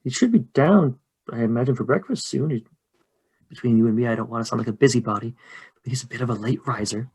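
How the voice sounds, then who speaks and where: A man's voice: mid-range voice, quick pace, a little mellow, husky. A man voicing a gossipy small-town innkeeper woman, chatty and confiding, in a slightly raised voice.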